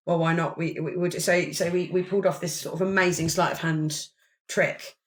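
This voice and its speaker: A woman's voice: lowish voice, steady tone, moderate pace. A woman playing a tabletop game, telling her part in a rambling way. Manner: rambling, with fillers. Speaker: player.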